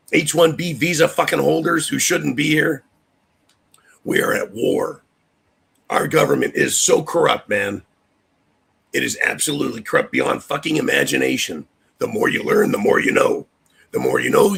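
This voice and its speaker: Gravelly, raspy man ranting heatedly. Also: mid-range voice, fairly bright tone. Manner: addresses chat viewers directly. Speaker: livestream host. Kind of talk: political commentary rant.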